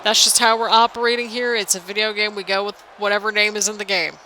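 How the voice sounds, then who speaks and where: Bright-voiced woman, sing-songy gaming chat. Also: mid-range voice, little pitch movement, fast, slight background noise, low-quality recording. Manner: chatty, rambling, sing-songy. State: a little tired. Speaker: gaming channel host. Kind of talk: casual game commentary.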